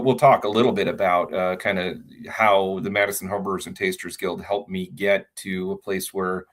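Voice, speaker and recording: A man, a brewery co-owner, talking in a relaxed, friendly way as a guest. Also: lowish voice. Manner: relaxed, friendly, many fillers. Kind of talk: casual interview chat.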